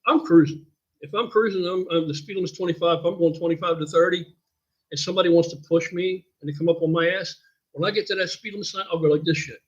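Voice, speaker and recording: An older man talks on a live stream, rambling and swearing freely in a husky voice that sits a bit high for a man. The sound is dull and lo-fi. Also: fast. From United States. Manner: blunt, profane and rambling. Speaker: host. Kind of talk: casual live-stream chat.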